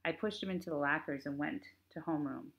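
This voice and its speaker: Low-voiced woman reading a novel. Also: fast talker, creaky. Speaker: audiobook narrator. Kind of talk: first-person audiobook narration.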